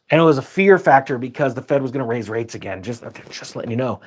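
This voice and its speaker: A man hosting a finance channel, giving casual, sarcastic commentary over charts with big jumps in pitch for emphasis. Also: expressive, fast talker, hardly any pauses.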